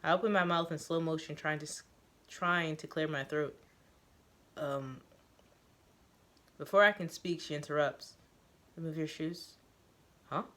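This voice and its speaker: A woman reading a first-person story aloud, halting now and then with fillers and self-corrections. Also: low voice, steady tone, fairly bright tone. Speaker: reader of a story.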